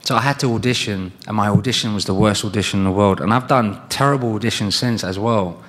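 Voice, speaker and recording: British man with a lowish voice in a hall. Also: fast talker, a bit bright. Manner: rambling anecdotes with acted-out quotes. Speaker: guest at a convention panel. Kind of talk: fan Q&A storytelling. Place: large convention hall with audience. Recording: long reverb of a convention hall.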